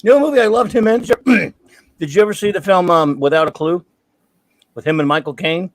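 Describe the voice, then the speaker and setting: A man's voice: high voice, fast, no room sound, rough recording. A man chatting as a guest about films, eagerly recommending a favourite. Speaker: guest on a review show. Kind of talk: casual film chat.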